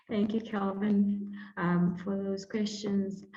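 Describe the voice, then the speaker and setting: A woman's voice: mid-range voice, level tone, extremely slow. A woman moderating an online panel discussion, chatty with many fillers and friendly invitations to the audience. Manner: chatty, many fillers, warm welcoming phrasing. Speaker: webinar moderator. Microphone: video call. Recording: dull lo-fi video call audio.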